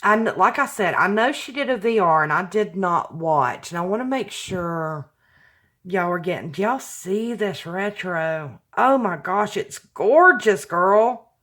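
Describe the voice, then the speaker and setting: A woman hosting a craft channel, chatting casually and gushing with excitement as she unboxes a handmade package. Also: medium pitch, measured pace.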